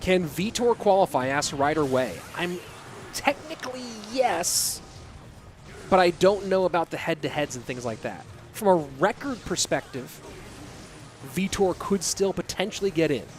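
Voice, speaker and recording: A man's voice: high-pitched, very animated, moderate pace, a little hiss or hum. A man casting a live esports stream, chatting casually and answering viewer questions between plays. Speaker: esports caster and stream host. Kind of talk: live stream commentary and chat reading.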